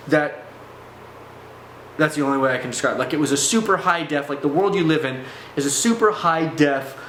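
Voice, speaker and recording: A man vlogging a personal testimony, telling it in an animated way with many fillers. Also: a little high. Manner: animated, filler-heavy storytelling. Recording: echoey room, faint background noise.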